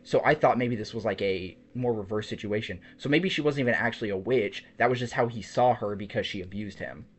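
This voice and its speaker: Man host on a horror podcast, retelling a movie's plot in a halting, casual way full of ums and restarts. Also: on the low side, husky. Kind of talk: casual movie review chat.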